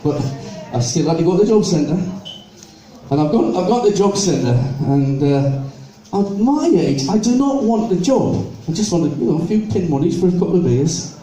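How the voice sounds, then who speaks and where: An older man doing stand-up comedy, chatting fast between slow, drawn-out comic song lines. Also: a little high, animated, warm tone, a little hiss or hum. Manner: chatty, singing in a slow drawl, quick asides. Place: live gig venue. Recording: echoey room from far off, music.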